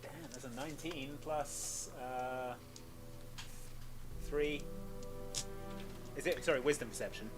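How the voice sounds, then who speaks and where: A man playing a tabletop game, casually and quickly describing his character's moves. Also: medium pitch, steady tone, over music. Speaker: player.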